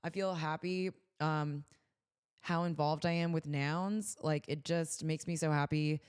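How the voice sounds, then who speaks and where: A woman's voice: deep voice, steady tone, unhurried, a little mellow, clean tone. A woman from California co-hosting a podcast, chatting casually and bubbly, with lots of "like" fillers. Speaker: podcast co-host. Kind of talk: casual chat.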